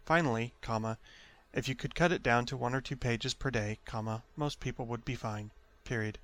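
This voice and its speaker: A man dictating an article aloud in a careful, measured way, speaking each punctuation mark. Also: medium pitch, a bit bright.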